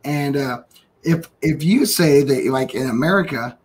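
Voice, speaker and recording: Husky man telling a rambling story. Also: medium pitch, a little slow, poor audio. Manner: rambling, animated storyteller, acting out quotes. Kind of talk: casual chat, storytelling.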